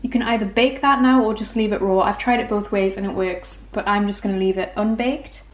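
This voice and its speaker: A woman's voice: mid-range voice, fairly even intonation, brisk, reverberant, noisy background. A young woman walking through recipes in her home kitchen, chatty and self-mocking. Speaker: cooking vlogger. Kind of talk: casual recipe walkthrough.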